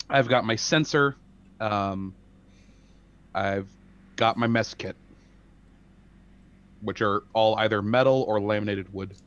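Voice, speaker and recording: A man's voice: fairly low pitch, a bit bright, lo-fi sound. A man playing a tabletop game, talking in a dry, matter-of-fact way. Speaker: player.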